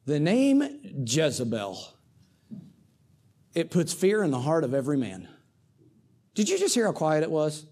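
Male preacher, high-pitched, dramatic sermon storyteller. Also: wildly swooping pitch, a little slow, long pauses. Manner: dramatic storytelling, swinging between hushed and loud.

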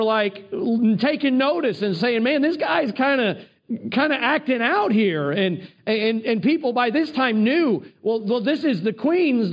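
Man, preacher, high voice, animated storytelling sermon, stumbles and repeats words. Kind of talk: sermon retelling a Bible story.

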